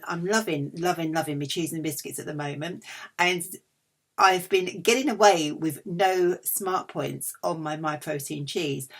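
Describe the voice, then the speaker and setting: A woman's voice: on the low side, gravelly. A middle-aged woman chatting casually through a food haul, cheeky and self-mocking. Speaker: vlogger.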